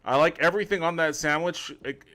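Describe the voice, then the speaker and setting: A man with a higher-pitched, brisk, sharp-toned voice streams a game from home. He rambles and jokes casually with chat in a relaxed let's-play style.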